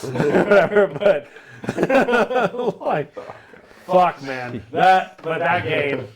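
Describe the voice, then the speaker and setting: A man co-hosting a live podcast, telling a gaming story with swearing and acted-out shouts from his friends. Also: fairly high pitch, extremely slow, a crowd in the background. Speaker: podcast co-host. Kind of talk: casual storytelling chat.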